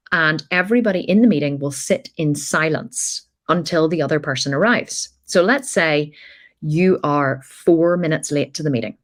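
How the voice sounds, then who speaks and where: Low-voiced woman podcast host. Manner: chatty, with frequent asides. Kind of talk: casual storytelling monologue.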